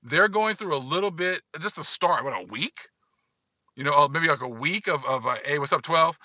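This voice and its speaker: A man talking straight to his online viewers in a loose, emphatic commentary, circling back over his points again and again. His voice is sharp and tense, pitched a little high. The sound is dry and a bit dull, as from a lo-fi setup. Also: animated, normal speed, no room sound. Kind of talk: casual livestream commentary.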